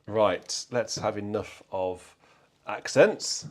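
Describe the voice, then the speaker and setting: A man's voice: on the low side, slow pace. A man from the north of England hosting a casual livestream from an organ, reading viewer comments and chatting to himself while he picks out stops. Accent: English, mild Northern trace. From North Derbyshire and South Yorkshire, England. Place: church with organ.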